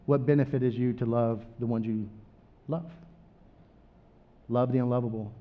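A man preaching a sermon, rising loud on scripture and dropping quiet for asides. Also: medium pitch, fairly even intonation, moderate pace, highs cut off.

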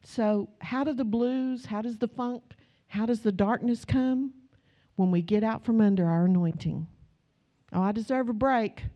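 A middle-aged woman pastor, preaching a sermon with stories, swinging from low asides to loud exclamations. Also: moderate pace, lo-fi sound. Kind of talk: sermon with storytelling.

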